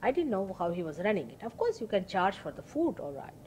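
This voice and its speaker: A woman's voice: very animated, fast talker, a little hiss or hum, rough recording. Emphatic woman telling a spiritual anecdote. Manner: anecdotal, acts out quoted dialogue; emphatic, sudden rises in pitch and loudness. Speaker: spiritual teacher. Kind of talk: public spiritual talk with storytelling.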